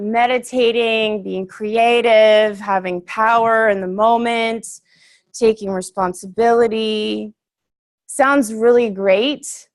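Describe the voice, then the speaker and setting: A young woman giving a casual, earnest workshop talk to a group, chatty and full of fillers, laughing easily. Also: on the high side.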